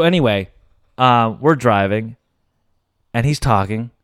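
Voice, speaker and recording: A podcast host telling a story in a casual, animated and dramatic way. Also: male voice, on the low side, measured pace, clear, resonant tone, dry recording, studio quality.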